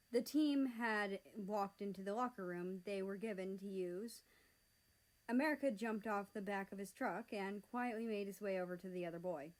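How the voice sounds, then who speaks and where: Female fan fiction narrator, steady and matter-of-fact. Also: mid-range voice, low-quality recording. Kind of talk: storybook narration.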